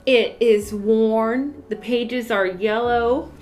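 A woman's voice: a little high, fairly even intonation, extremely slow, a little mellow, soft background music. A woman, crying as she shows old Bibles in a casual vlog, emotional and gushing, with frequent sighs. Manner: emotional, tearful, sighing, gushing with joy. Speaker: Bible study channel host.

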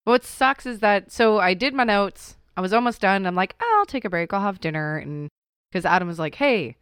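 A young woman co-hosting a loose podcast with her sister, talking at an ordinary pitch. She giggles a lot and laughs at her own jokes. The sound is dry and close. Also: moderate pace, fairly bright tone, clean tone, no echo. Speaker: podcast co-host. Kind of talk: casual chat. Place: at her home.

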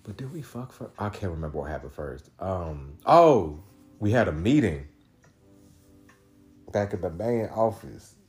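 A man with a very low voice tells a story alone on his podcast. He talks loosely and profanely and keeps breaking off and starting his sentences again. Faint music plays under him. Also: big pitch swings, measured pace, pauses often, a little mellow. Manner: loose, profane, rambling with many restarts. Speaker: podcast host. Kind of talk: casual monologue storytelling.

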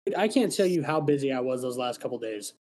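A man's voice: mid-range voice, animated, fast talker, a little mellow, a little hiss or hum. A man co-hosting a podcast, chatting casually and rambling, swearing now and then. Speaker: podcast co-host. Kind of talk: casual chat.

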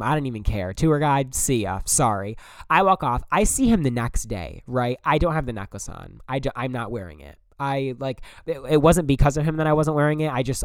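A young man hosts his own podcast and tells a story in casual, animated bursts. He sounds exasperated and swears freely. The sound is dry, with no room echo. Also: mid-range voice. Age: young adult. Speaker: podcast host.

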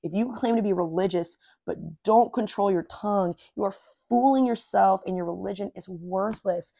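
Earnest, mellow-voiced woman podcaster. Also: mid-range voice, normal speed, vocal fry, no echo, studio quality. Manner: earnest and informal, says "dude" and "like"; reads scripture aloud and repeats verses. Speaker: podcast host. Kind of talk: casual devotional podcast with Bible reading.

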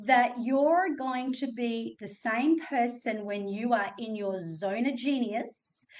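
A woman's voice: fairly high pitch, darkish tone, far from the mic. A woman with an Australian accent, a coach talking on her podcast in a chatty, joking way with rambling asides. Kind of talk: motivational podcast talk.

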